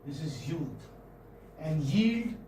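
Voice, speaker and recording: Guy teaching phonetics, kinda high voice, far from the mic in an echoey classroom. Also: expressive, slow, dark tone, a little hiss or hum. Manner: patient, checks in often with "okay?" and "hmm?". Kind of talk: classroom lecture.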